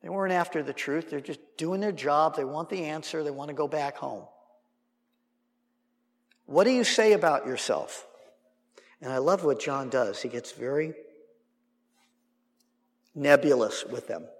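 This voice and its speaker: A man's voice: on the high side, normal speed. A male preacher teaching verse by verse through a Bible passage, acting out the dialogue and adding humorous asides. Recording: long reverb in a hall.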